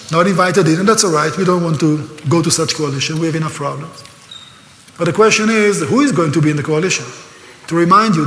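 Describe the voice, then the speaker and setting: A man's voice: a little high, a bit bright. An older man with an Israeli accent giving a live seminar lecture, emphatic and sarcastic, at times openly emotional. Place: lecture hall. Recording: echoey hall.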